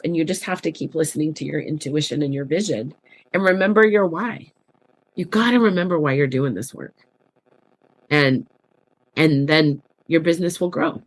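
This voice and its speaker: A middle-aged woman, a life coach guest on a podcast, talking in a candid, blunt and salty way, telling stories with lots of "like". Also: low voice. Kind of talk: casual interview chat.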